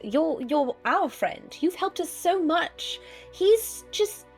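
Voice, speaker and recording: A woman's voice: extremely high pitch, lively intonation, slow, music in the background. A woman playing a tabletop game, hesitant and a bit stammering. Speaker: player. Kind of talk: casual tabletop role-play.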